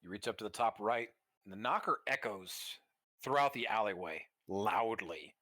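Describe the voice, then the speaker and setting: A man's voice: lowish voice, lively intonation, normal speed, pushed and bright, dry recording, studio quality. A man running a tabletop game as game master, describing scenes vividly with casual fillers.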